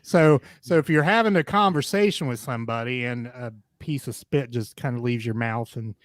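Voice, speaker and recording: Podcast guy, hesitant, lots of uhs, dry close mic, middling pitch. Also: moderate pace, no room sound. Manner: hesitant, many uh fillers, laughs often. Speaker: podcast co-host. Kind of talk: casual chat.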